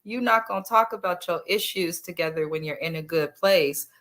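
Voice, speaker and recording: A woman's voice: lowish voice, moderate pace, a bit bright. A woman hosting a reality TV review in casual, opinionated chat, talking bluntly with slang over a video call.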